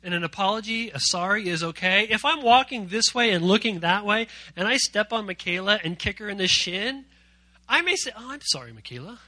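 A man's voice: sits high, fairly quick, bright, forceful tone, dry recording. A man preaching a youth sermon as pastor, playful and jokey, quizzing his young audience.

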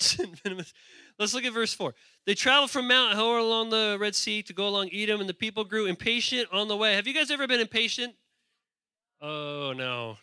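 Man, pastor, very bright and sharp voice, dry close sound, playful sermon with asides. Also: sits high, smooth, no echo. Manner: playful, calls out to the congregation; reads scripture aloud with asides. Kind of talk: lively sermon.

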